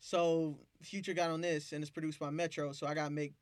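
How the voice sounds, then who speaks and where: A man, a beat producer, telling profane, animated stories in a casual interview. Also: on the high side, fairly quick, no room sound. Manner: profane, animated storytelling with acted-out quotes.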